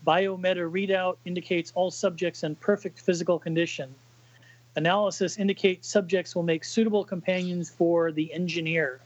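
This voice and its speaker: A cold alien reels off a flat, clinical report on its captives, read out by a man. The voice stays high and even, recorded dry and slightly dull. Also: moderate pace.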